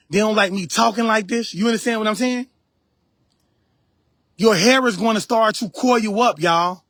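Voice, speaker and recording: The recording is dry, capturing a man's high, slightly bright voice during a casual live-streamed spiritual lecture. He speaks straight to his viewers, preachy and repetitive, going over his points and phrases again.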